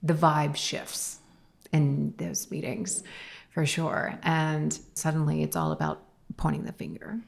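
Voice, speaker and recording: A woman with a low, gravelly voice speaks as a podcast guest. She tells her story earnestly and openly, with feeling in her delivery. The conversation is candid and unscripted. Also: flat delivery, slow, echoey room. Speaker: guest entrepreneur, company founder.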